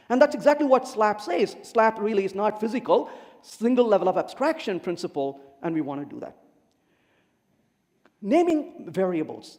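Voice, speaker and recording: A man giving a humorous technical talk at a conference, telling stories and acting out dialogue. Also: high voice. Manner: animated storyteller acting out dialogue. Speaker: conference speaker. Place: conference hall. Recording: echoey conference hall.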